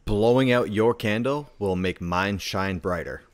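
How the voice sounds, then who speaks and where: Low-voiced man telling stories casually. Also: measured pace, no room sound, studio quality. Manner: rambling storyteller, heavy on "like". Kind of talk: casual conversation.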